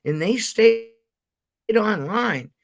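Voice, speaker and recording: A man's voice: high voice, lively intonation, very slow, gravelly. Profane, rambling man telling stories. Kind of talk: casual storytelling rant.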